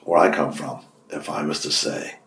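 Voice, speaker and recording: A man in his sixties from Belfast with a West Belfast accent, a radio host chatting as an interview guest, telling stories in animated bursts with many restarts. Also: rumbling low, normal speed. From Northern Ireland. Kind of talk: casual interview chat. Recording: echoey office room.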